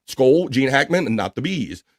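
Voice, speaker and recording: A man hosting a casual livestream, quickly reading out viewer names, shout-outs and chat messages. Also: mid-range voice, very animated, background noise. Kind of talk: casual live show chatter.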